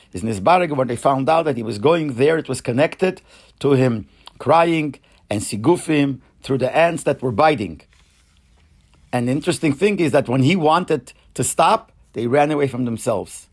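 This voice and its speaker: An older man, a rabbi, retelling a Hasidic story in an unhurried way, often searching for words and restarting phrases. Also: mid-range voice. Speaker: rabbi sharing memories.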